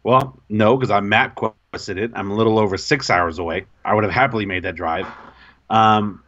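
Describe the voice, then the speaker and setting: A man co-hosting a podcast, telling an embarrassing story in casual, animated, self-mocking chat. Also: fairly low pitch, moderate pace, dull audio. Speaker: podcast co-host.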